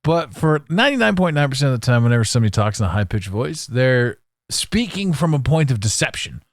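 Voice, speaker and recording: A man talks to his listeners in a loose, confessional ramble, full of restarts and casual swearing. His pitch swings widely as he talks. The sound is dry and close, with no room around it. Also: sing-song, fairly quick, dry recording. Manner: candid, profane, meandering with restarts. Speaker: podcast host.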